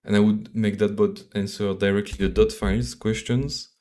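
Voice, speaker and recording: A man from Belgium with a French accent, live-coding on a stream and thinking aloud in a halting, mumbling way full of fillers and restarts. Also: on the low side, level tone, darkish tone.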